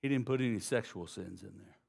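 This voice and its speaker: A man preaching a sermon, folksy and direct with the congregation, swinging from low, quiet passages to loud emphasis. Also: a little fast, gravelly. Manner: folksy, addresses congregation as y'all. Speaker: pastor.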